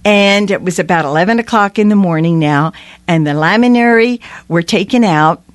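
A woman's voice: on the low side, moderate pace, dry recording. Earnest woman telling a story on radio. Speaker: guest.

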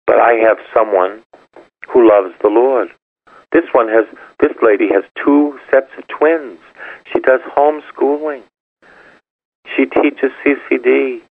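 An older man, a parish priest, preaching a sermon in an emphatic, repetitive way, his voice gravelly and husky. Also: mid-range voice, fairly even intonation, a little slow, no echo. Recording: tinny phone-like radio broadcast.

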